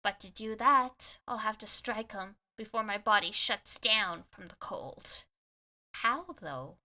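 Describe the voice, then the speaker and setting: A woman reading aloud the inner monologue of a grim young man fighting a vampire, in a quiet, measured voice. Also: medium pitch, pitched below the performer's own voice. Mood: resolute. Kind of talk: reading visual novel narration aloud.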